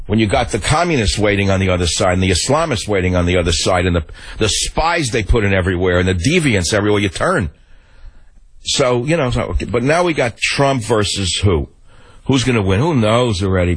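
An older man from the Bronx, hosting talk radio in a gruff, rambling monologue full of animated asides. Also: on the low side, no room sound, rough recording. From the Bronx, New York.

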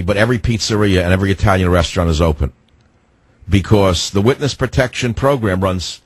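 A man's voice: lowish voice, slightly rough, dry recording. A man hosting a political radio talk show, combative and full of rhetorical questions.

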